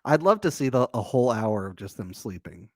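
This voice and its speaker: A man co-hosting a casual podcast recap, joking with deadpan asides. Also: fairly low pitch, fairly quick, no echo. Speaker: podcast co-host.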